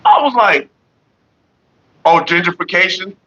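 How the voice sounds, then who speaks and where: A man with a bright, husky voice rants and tells stories at home for his stream viewers, swearing freely and acting out the people in the story. The audio is dull and lo-fi, as if picked up by a cheap webcam mic. He sits a little high in pitch for a man. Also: a little slow. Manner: animated, profane, slips into quoted voices. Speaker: livestream host. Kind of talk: casual profane storytelling to viewers.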